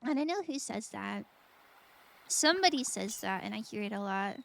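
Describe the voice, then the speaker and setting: A woman's voice: medium pitch, expressive, moderate pace, creaky, fairly bright tone, a little hiss or hum. A woman streaming a game and chatting casually and playfully with her viewers, often laughing. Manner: playful, giggly, talks to chat. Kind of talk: casual live-stream chat while gaming.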